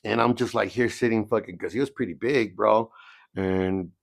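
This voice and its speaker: Streetwise man telling rough stories. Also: lowish voice, moderate pace, no room sound. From San Diego area. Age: middle-aged. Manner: streetwise, repeats "you know what I mean". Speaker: podcast guest. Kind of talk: casual storytelling, heavy cursing.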